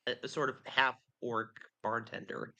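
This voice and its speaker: A man playing in a tabletop game chats casually and hesitantly, with plenty of ums and uhs. His voice is bright and forward, and he often sounds a little off the mic. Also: medium pitch, little pitch movement, normal speed, highs cut off. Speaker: player. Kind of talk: casual table chat in character.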